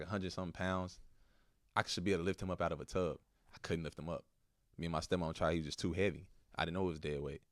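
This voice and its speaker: A young man from Texas with a Texan accent, a podcast guest telling a painful personal story in a soft, halting, slangy way. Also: sits low, dry recording, clean studio sound. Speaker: podcast guest, basketball player.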